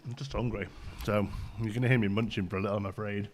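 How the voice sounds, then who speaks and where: A man's voice: lowish voice, fairly even intonation, fast, a little hiss or hum. A man hosting a casual live stream, greeting viewers by name and rambling with ums while out of breath.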